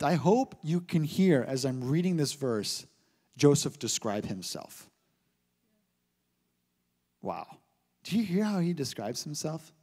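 A man's voice: a little high, slow pace, pauses often, slightly rough. A man in his thirties preaching a sermon, joking and telling stories as he teaches. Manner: animated, joking storyteller. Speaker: pastor. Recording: preached in a hall with long reverb.

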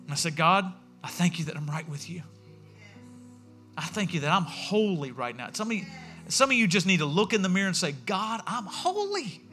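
Animated high-voiced pastor preaching. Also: male voice, brisk, soft background music. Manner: animated storytelling, acting out quotes. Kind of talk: sermon. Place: church.

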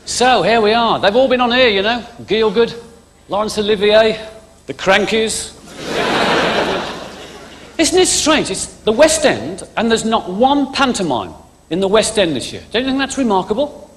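A man's voice: high voice, sing-song, normal speed, long pauses, slight background noise. A male stand-up comedian, chatting cheekily to a live theatre audience, lapsing into mock voices for jokes. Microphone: stage microphone. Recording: live theatre recording with hall echo and loud audience. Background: audience laughter.

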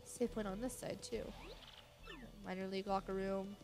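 A woman's voice: medium pitch, level tone, normal speed, music in the background. A young woman casually commenting on a video game she is playing, with wry, chatty asides. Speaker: let's play host.

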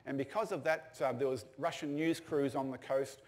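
A man's voice: medium pitch, fairly even intonation, moderate pace. An older man, telling stories casually with fillers and restarts. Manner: casual anecdotal storytelling with fillers. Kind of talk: storytelling talk.

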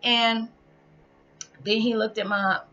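A woman's voice: fairly high pitch, level tone, slow pace, bright, forceful tone, muffled recording, soft background music. A woman vlogger telling a spiritual story in a chatty, rambling way, often restarting and laughing. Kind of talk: casual storytelling monologue.

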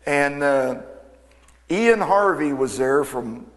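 A man, an aircraft mechanic, telling an animated, folksy story to an audience and acting out the dialogue. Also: on the high side, slow pace. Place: event hall. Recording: long hall reverb.

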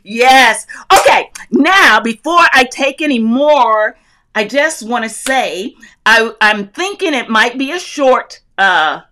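A woman's voice: fairly high pitch, animated, takes it slowly, sharp tone. A middle-aged woman from North Carolina hosting a crafting livestream, chatting effusively, laughing often and greeting viewers by where they live. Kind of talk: casual live chat reading viewer comments.

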